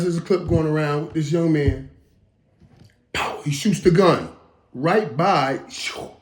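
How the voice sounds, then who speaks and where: A man in his fifties hosting a casual reaction monologue, talking emphatically with stammered restarts and dropping into low mutters. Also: darkish tone. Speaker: host. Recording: roomy echo.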